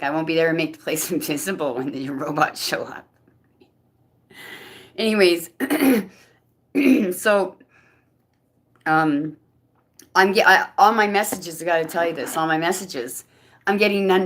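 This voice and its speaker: A woman's voice: lowish voice, a bit bright. A woman telling a rambling personal story to camera, with many restarts and quoted voices. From Canada. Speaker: vlogger giving personal testimony. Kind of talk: rambling personal testimony monologue.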